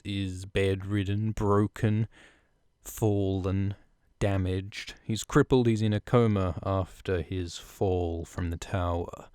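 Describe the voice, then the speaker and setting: A podcast host, male, with a low and smooth voice, chats his way through a book chapter with loose, joking enthusiasm. It's recorded close and dry on a studio mic, with no room sound. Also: a little mellow, no echo. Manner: irreverent, swearing, enthusiastic. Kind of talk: casual book-chapter recap.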